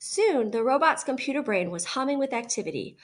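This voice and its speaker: A woman's voice: high-pitched, fairly quick. Woman teacher reading a storybook aloud. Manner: expressive read-aloud narration. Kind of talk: reading a children's novel aloud.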